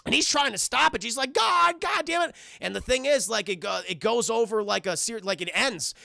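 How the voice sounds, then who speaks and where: Rambly cussing streamer guy talking to chat, gravelly voice, bright sharp tone. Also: high-pitched, brisk, no room sound, clean studio sound. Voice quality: rambling, profane, addresses chat constantly. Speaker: streamer reviewing a cartoon. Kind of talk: casual profane recap to live chat.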